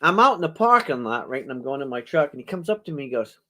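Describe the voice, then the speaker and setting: A man's voice: medium pitch, big pitch swings, quick pace, pushed and bright. A middle-aged man hosting a coin auction, telling rambling anecdotes to his audience and chuckling as he goes. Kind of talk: casual storytelling to a live audience.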